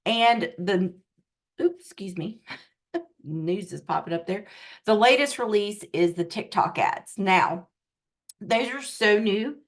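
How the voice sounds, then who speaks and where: A woman tech coach leading a live online training over a video call, explaining at an unhurried pace and often checking in with her listeners. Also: mid-range voice, lively intonation.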